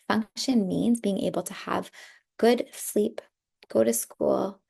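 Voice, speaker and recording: Woman with a very gravelly voice. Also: medium pitch, slow pace. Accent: Canadian. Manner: calm, explains with metaphors. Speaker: pain clinician. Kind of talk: educational explanation.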